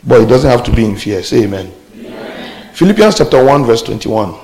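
A male pastor preaching with a deeply gravelly, fry-laden voice at a middling pitch. He shifts between quiet, low storytelling and loud, climbing call-and-response exclamations to the congregation. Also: very animated, fast talker, low-quality recording. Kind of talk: sermon.

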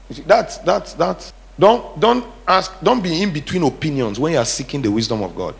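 Middle-aged guy preaching, gravelly voice, keeps asking the church questions and hammering lines over and over. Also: fairly high pitch. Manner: call-and-response preaching, rising to emphatic repetition. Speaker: pastor. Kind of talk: sermon.

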